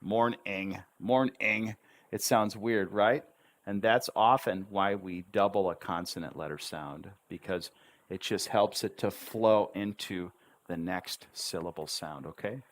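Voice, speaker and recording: A man's voice: deep voice, unhurried. A man teaching English pronunciation on a livestream, repeating words syllable by syllable with encouraging asides. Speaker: English tutor.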